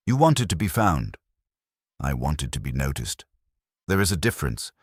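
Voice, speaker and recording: A man voicing a cool, guarded middle-aged spy with a faint German accent, measured and cryptic. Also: sits low, slightly rough, dry recording, clean studio sound, full character voice.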